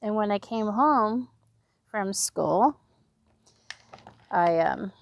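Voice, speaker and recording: A woman's voice: mid-range voice, animated, drawn-out words, vocal fry, no echo. A woman in her fifties from Oregon with a West Coast accent, chatting to herself and viewers while planting her garden outdoors. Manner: chatty, self-talking, laughs often. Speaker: home gardener. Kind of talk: casual gardening vlog.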